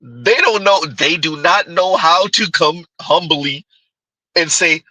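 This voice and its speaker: Bright mocking male commentator. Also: on the high side, lively intonation, slow pace, no echo, low-quality recording. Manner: mocking, keeps asking "Huh?". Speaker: commentary host. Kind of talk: reaction commentary.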